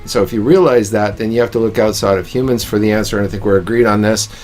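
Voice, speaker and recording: A man's voice: fairly low pitch, quick pace, darkish tone, soft background music. A man co-hosting a casual chat, explaining his view in an earnest way with stammered restarts. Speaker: co-host.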